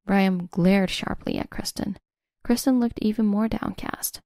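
A woman in scripted first-person narration of a revenge story, smug and measured. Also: medium pitch, dark tone, no room sound, studio quality.

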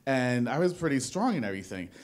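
A young New Jersey man talks fast and very animatedly in a mid-range voice during a stand-up set. In a small studio with a live crowd, he rambles, mocks himself, and keeps stopping to start sentences again.

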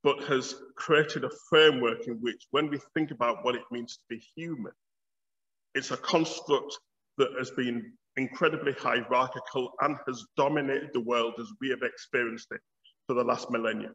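A man's voice: mid-range voice, steady tone, moderate pace, a bit bright. A man in his fifties with a Yorkshire accent, giving a public lecture as a theology professor in a wry, storytelling way. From Bradford, Yorkshire, England. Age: 50s. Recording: dull audio with long hall reverb.

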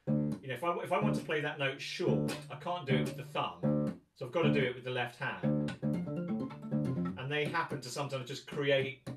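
A man from England leads a guitar workshop in a relaxed, thinking-aloud way, his pitch rising and falling a lot as he sings rhythms out loud. He sits away from the mic in a roomy space, with loud guitar playing around his words. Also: moderate pace, creaky, recorded from a distance. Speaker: guitar teacher. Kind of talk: workshop teaching with guitar demos.

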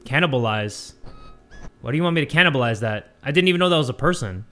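A young man, playing a horror game on his channel, swearing, muttering low and then screaming in fright or joy. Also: animated, quick pace, pushed and bright, faint music behind. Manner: jumpy, swears a lot, swings from muttering to screaming. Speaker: gaming YouTuber. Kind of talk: horror game let's play commentary.

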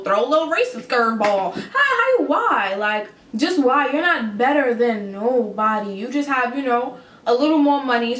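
Young woman telling an animated rant in a roomy room. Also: fairly high pitch, slight background noise. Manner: animated, profane, incredulous retelling. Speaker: vlogger. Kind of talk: casual storytime rant. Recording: roomy echo with faint ambience.

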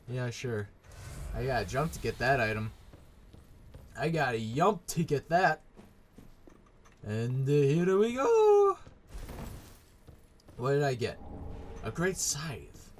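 A man's voice: on the high side, noisy background. A young man commentating his own gameplay, swearing and sarcastic as he rants at enemies. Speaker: gaming YouTuber.

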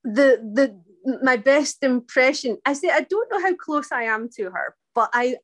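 A woman's voice: sits high, expressive, unhurried. A woman voice actress chatting in an interview, rambling and laughing often, poking fun at herself. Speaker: voice actress guest. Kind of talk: casual interview chat.

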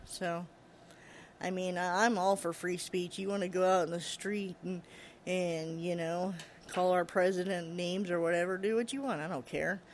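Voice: medium pitch, fairly even intonation, moderate pace, slight background noise. A show host giving a casual opinion rant, laughing often and using many fillers, with short mocking put-on voices.

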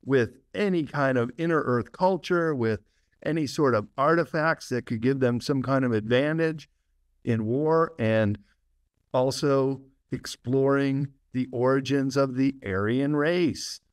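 A man's voice: mid-range voice, unhurried, clean tone, no echo, clean studio sound. A man as a guest author on an interview podcast, explaining at length with enthusiasm and frequent laughs.

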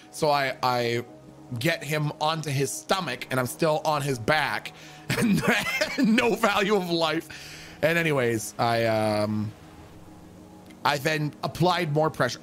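Man, roleplay streamer, high and animated, profane storyteller. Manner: profane, emphatic, acts out quotes. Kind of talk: animated anecdote telling.

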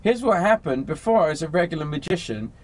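An English man, a magician and comedian, trading jokes in a grumpy, deadpan way during a TV interview. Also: a little high, quick pace. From England. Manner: dry, deadpan, grumpy humor. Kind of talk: comic TV interview via video link.

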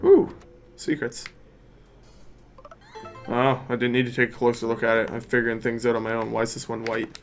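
A man's voice: mid-range voice, steady tone, normal speed, long pauses, faint music behind. A man casually thinking aloud and joking while playing a video game. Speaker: let's play host. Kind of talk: casual gameplay commentary.

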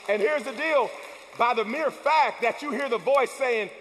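A man preaching a sermon as pastor, with call-and-response lines that build up to shouts. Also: very high-pitched, moderate pace. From United States. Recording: long church hall reverb.

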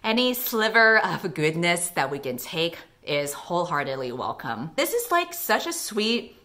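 Bright-voiced woman reading fanfiction. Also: lowish voice, measured pace. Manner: expressive, wry commentary. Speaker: YouTuber reading fanfiction aloud. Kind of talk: dramatic reading with comic asides.

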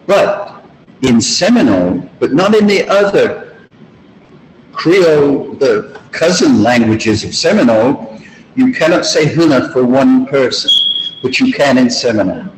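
A man teaching a language lesson, explaining grammar slowly and repeating example phrases. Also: mid-range voice, animated, background noise. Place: school room or video call. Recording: roomy hall with faint ambience.

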